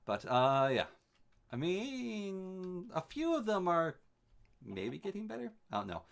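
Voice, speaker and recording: A man's voice: high voice, wildly swooping pitch, slow pace, creaky. A man from Canada streaming a game, chatting casually and rambling with wry asides while he answers his live chat.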